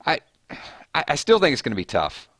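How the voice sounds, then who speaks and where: A man's voice: fairly high pitch, brisk, no echo, clean studio sound. A man hosting a casual live stream, chatting loosely and reading out viewer comments, his voice jumping up on names and questions. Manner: animated, voice jumps up on names and questions.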